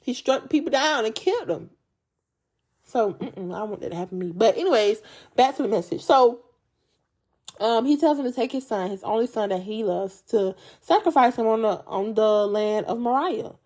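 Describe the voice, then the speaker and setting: A woman's voice: fairly high pitch, moderate pace. A woman hosting a Bible study podcast, preaching in a casual, chatty way with slangy speech and a joking manner. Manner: animated, jokey and chatty, often laughing.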